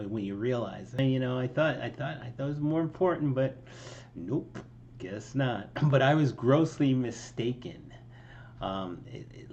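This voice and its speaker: Breaking down his own song line by line, a man with a warm, lowish voice rambles casually and laughs at himself from time to time, stumbling through many ums and restarts. The audio is dull, with slight background noise.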